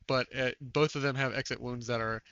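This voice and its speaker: A man narrating a tabletop game as game master, with a halting delivery full of filler sounds. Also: medium pitch, fairly even intonation, a bit bright, muffled recording, a little hiss or hum. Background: music.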